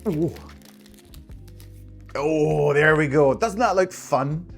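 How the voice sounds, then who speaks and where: A man's voice: fairly high pitch, takes it slowly, creaky, faint music behind. A man hosting a casual food taste-test video, talking in an enthusiastic, chatty way with frequent laughs. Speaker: food vlogger.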